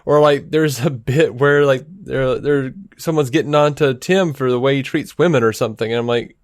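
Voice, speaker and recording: A man's voice: mid-range voice, normal speed, hardly any pauses, dry recording. Argumentative podcast man, dry close sound. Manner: animated, argumentative, swears casually. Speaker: podcast co-host. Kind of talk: casual debate.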